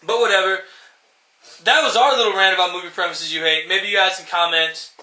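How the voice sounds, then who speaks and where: A high-pitched male podcast co-host keeps a steady tone while speaking fairly quickly and sharply. His casual rant rambles with profanity and mocking character voices acting out scenes. Roomy echo colors the recording.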